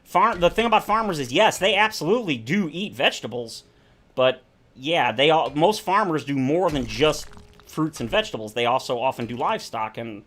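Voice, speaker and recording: A man's voice: a little high, lively intonation, moderate pace, fairly bright tone. A man streaming a survival game, chatting casually in rambling, self-correcting tangents. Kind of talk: casual chat while playing a survival game.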